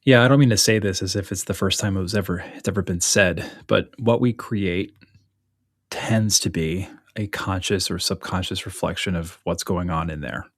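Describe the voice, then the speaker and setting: Male podcast host: very low voice, dry close mic, frank and enthusiastic. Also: fairly even intonation, no room sound. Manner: enthusiastic, candid, quick to agree. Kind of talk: casual interview chat.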